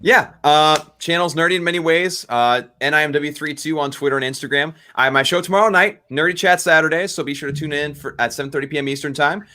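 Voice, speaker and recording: A man's voice: on the high side, fast, few pauses, pushed and bright. A man chatting casually as a guest on an online talk show, joking easily.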